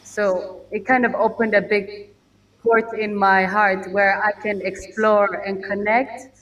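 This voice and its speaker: A woman's voice: medium pitch, steady tone, slow pace. Chatty woman on a distant video call. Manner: laughs often, chatty and warm. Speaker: guest musician. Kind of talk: casual remote interview.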